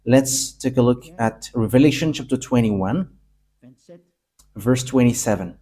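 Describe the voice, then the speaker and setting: A man's voice: mid-range voice, a little slow, warm tone, breathy edge. A man from Madagascar, preaching a sermon in emphatic, declamatory bursts. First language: Malagasy.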